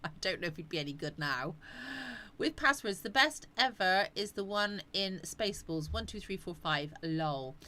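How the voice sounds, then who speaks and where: A woman's voice: lowish voice, animated, moderate pace, pushed and bright. A woman hosting a casual live chat, rambling and answering viewers' comments. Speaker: live stream host.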